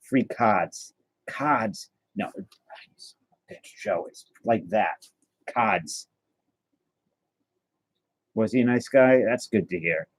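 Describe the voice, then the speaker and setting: A man's voice: lowish voice, slow pace, no room sound. Chatty man hosting a card livestream. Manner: chatty, answers chat messages aloud, stumbles and restarts. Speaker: livestream host opening trading cards. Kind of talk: casual livestream chat.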